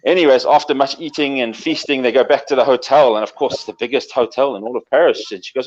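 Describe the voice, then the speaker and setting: A man telling a long joke on a video call in a relaxed, chuckling way. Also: medium pitch, quick pace, few pauses, muffled recording. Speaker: panelist.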